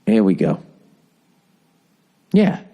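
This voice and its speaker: A man hosting his own podcast, rambling alone and thinking out loud with constant swearing as he riffs on whatever he's looking at. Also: lowish voice, wildly swooping pitch, drawn-out words, vocal fry, highs cut off. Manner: profane, riffing, thinking out loud. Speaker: podcast host. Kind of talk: rambling solo podcast monologue.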